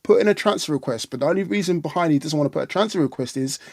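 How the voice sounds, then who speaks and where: A man's voice: a little high, very fast, gravelly, no room sound, clean studio sound. A man co-hosting a casual fan livestream, ranting bluntly and animatedly, with mocking put-on voices. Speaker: fan channel co-host. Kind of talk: casual livestream football chat.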